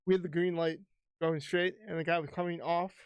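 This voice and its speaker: A man's voice: on the high side, flat delivery, brisk, clear, resonant tone, no room sound. A man co-hosting a podcast in casual chat, agreeing and sounding exasperated, with some swearing. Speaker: podcast co-host.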